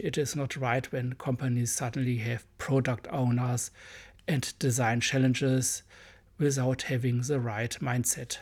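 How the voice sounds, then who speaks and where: A man with a German accent, English not his first language, talks through his own podcast in a careful, earnest way. His voice is gravelly and a little husky, at an ordinary pitch. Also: darkish tone. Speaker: podcast host. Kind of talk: solo podcast monologue.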